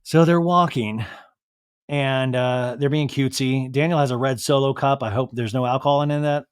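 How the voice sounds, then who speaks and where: A man's voice: mid-range voice, normal speed, clean tone, no echo, studio quality. A male podcast host giving a chatty, sardonic comedic recap of a reality show and acting out the cast's voices.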